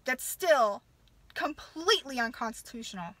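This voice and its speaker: A woman from the American South venting in an angry, halting vlog rant, swearing and restarting her sentences. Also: high-pitched, lively intonation, fairly bright tone, no echo. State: upset. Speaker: vlogger.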